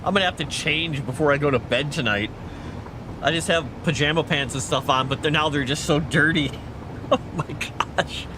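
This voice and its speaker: A man's voice: fairly high pitch, normal speed, background noise. A man streaming a video game at home in a casual chat, stopping to coo at his cat. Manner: chatty, coos and baby-talks to his cat. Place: home, indoors.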